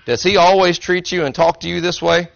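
A man's voice: high voice, fairly even intonation, a little fast, gravelly, dry recording, pitched above the performer's own voice. A man voicing an officious police officer handing out traffic citations, in a dry, slightly dull recording. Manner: officious, matter-of-fact. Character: stern, matter-of-fact male police officer.

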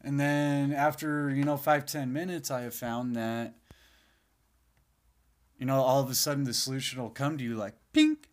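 A man's voice: medium pitch, flat delivery, moderate pace, pauses often. A man hosting his own podcast in a casual, rambling monologue, sleepy and yawning, swearing freely now and then. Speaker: podcast host.

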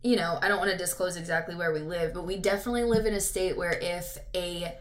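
A woman's voice: lowish voice, steady tone, fast talker. A young adult woman co-hosting a podcast, chatting casually and laughing often. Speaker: podcast co-host. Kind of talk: casual chat.

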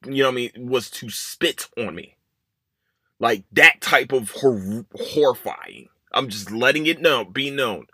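A man hosting a podcast, ranting heatedly and with plenty of profanity, swinging between loud outbursts and muttered asides. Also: medium pitch, dry recording, clean studio sound. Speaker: podcast host. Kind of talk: casual opinion rant.

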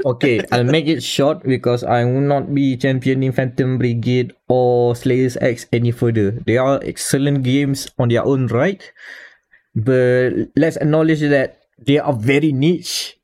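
Mellow-voiced Malaysian man chatting. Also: mid-range voice, fairly even intonation, measured pace. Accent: Malaysian English. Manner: rambling, with restarts and chuckles. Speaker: podcast co-host. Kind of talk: casual panel chat.

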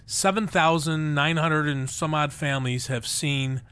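A man with a fairly high voice tells his story with real animation, laughing easily and leaning into the big moments. He sounds like a chatty guest on a radio interview. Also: steady tone, unhurried, bright, forceful tone, smooth. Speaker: ministry leader guest.

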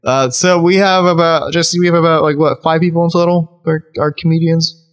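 A man's voice: on the high side, steady tone, brisk. A man co-hosting a comedy podcast in casual chat, rambling with lots of restarts, swearing and laughter. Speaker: podcast co-host.

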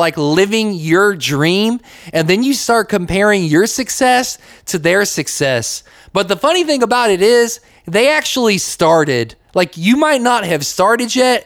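Recorded in studio quality with no room sound, this high-voiced young man from the US talks through a casual faith podcast he hosts. He's conversational, leans heavily on "like," and performs small quotes as he speaks.

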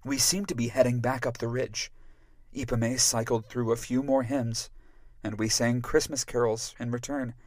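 In scripted audiobook narration, a man reads in a steady, measured storytelling style. His voice sits in the mid range, and there's no echo.

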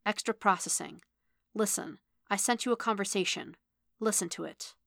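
A woman voicing an earnest, guarded male android who speaks softly, almost in a whisper. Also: mid-range voice, normal speed, vocal fry, no echo, clean studio sound. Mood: terse, pressing. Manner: hushed, near-whispered.

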